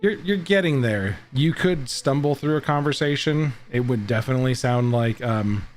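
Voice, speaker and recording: A man running an online tabletop game as game master, with a mid-pitched voice. He narrates and explains the rules in a laid-back, rambling way. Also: moderate pace, soft background music. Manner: relaxed, explanatory, with fillers.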